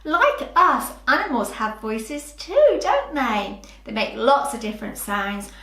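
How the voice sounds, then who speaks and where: A woman's voice: a little high, very animated, takes it slowly, bright, forceful tone. Sing-song woman teaching small children. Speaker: early years teacher. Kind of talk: preschool phonics lesson. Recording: roomy echoey room.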